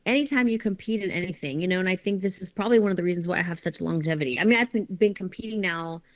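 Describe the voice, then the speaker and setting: A woman's voice: fairly low pitch, racing, dry recording. A middle-aged woman, a fitness competitor and coach, talking earnestly in a casual podcast chat, often asking "right?".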